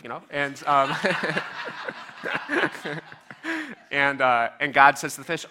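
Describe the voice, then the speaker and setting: A man's voice: medium pitch, fairly even intonation, takes it slowly, pauses often, bright, forceful tone, smooth. A man preaching a sermon as a pastor, casual and conversational with filler words and light humor.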